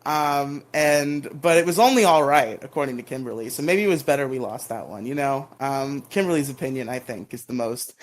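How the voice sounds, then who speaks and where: A man's voice: medium pitch, fairly quick, hardly any pauses. A man co-hosting a podcast, recapping episodes in a rambling, casual way with lots of ums and bursts of playful mock outrage. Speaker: podcast co-host.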